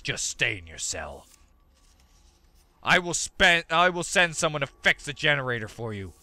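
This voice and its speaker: A man voicing a cold, controlling male captor in a game, reading in a slow, measured, stern way. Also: fairly high pitch, very animated, pushed and bright, no room sound, pitched below the performer's own voice, full character voice. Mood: cold, commanding.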